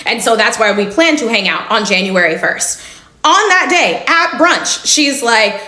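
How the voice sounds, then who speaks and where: Chatty high-voiced young woman, echoey room. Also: measured pace. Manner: chatty, animated retelling with laughs. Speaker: storyteller. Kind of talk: casual storytime.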